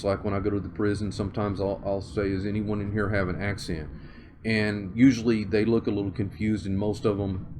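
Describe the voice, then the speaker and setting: Southern male interviewee, low-pitched, measured, searching for words. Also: darkish tone, a little hiss or hum. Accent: Southern US (Oklahoma). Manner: measured, thinks aloud with many fillers and restarts. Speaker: interview guest. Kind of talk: conversational interview.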